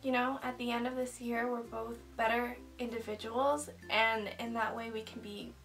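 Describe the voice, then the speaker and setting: Twenty-something girl doing her makeup and talking, kinda emotional, lots of "like", voice a little high and a bit away from the mic. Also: flat delivery, moderate pace, a bit bright, distant mic, faint music behind, low-quality recording. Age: 20s. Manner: candid, heartfelt, rambling with many "like"s. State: getting emotional, choked up. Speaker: beauty vlogger. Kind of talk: get-ready-with-me vlog chat. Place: indoors at home, doing makeup.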